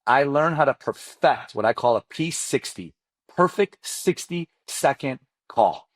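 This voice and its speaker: Speaking a little slowly in a dry recording, a non-native English speaker in his forties, a mortgage loan officer, recounts his story on a podcast. He's lively and casual, full of slang, addresses the host directly, and acts out dialogue with sharp pitch jumps.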